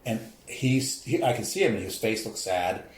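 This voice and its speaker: A man's voice: on the low side, lively intonation, normal speed, slight background noise. A middle-aged man from St. Louis, a professor and podcast guest, telling a candid personal story with emotion and acting out quoted voices. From St. Louis, USA. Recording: roomy echoey podcast room.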